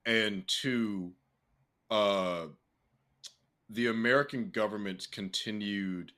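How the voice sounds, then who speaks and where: A young man co-hosting a casual podcast, talking freely with swearing and laughter, jumping into a high excited voice. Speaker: podcast co-host. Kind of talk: casual chat.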